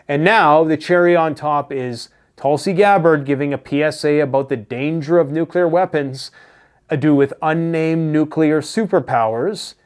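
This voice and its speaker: Casting note: sarcastic, profane Canadian commentator, slightly higher-pitched male voice. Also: clean tone. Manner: blunt, sarcastic, profane, mocking put-on voices. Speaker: prepper news commentator. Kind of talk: casual political commentary.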